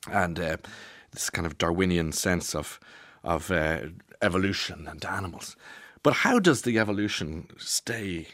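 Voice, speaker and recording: A man's voice: sits low, lively intonation, unhurried, fairly bright tone, no echo, studio quality. An Irish man presenting a radio show, chatting casually in a rambling way with lots of restarts and asides. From Ireland. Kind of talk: casual monologue.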